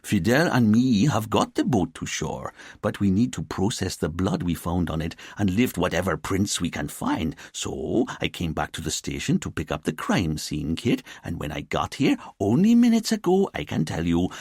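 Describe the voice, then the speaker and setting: A man's voice: low-pitched, very animated, normal speed, darkish tone, slightly rough, no room sound, clean studio sound, full character voice. A man reading a laid-back, easygoing male police officer with a melodramatic streak, in an audiobook.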